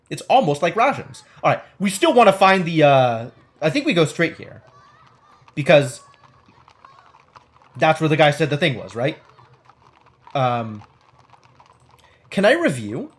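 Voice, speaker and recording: A man's voice: on the high side, a little slow, long pauses. A man streaming a game live, chatting to viewers, scolding the game and reading its story text aloud. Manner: chatty, talks back to the game and chat, animated.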